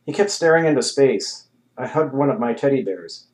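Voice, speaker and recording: Male narrator, wry deadpan audiobook read, mid-pitched voice. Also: moderate pace, low-quality recording. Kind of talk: audiobook reading.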